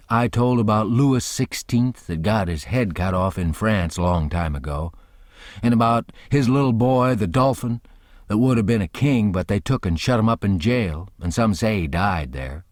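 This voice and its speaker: A man's voice: on the low side, no room sound, studio quality. A man narrating a classic novel as an audiobook, telling it plainly in a boyish, folksy first-person voice.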